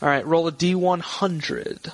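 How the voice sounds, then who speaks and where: A man narrating a tabletop horror game as game master over a voice call, with halting, filler-heavy narration. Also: fairly high pitch, expressive, vocal fry, rough recording. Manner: halting, many fillers and restarts.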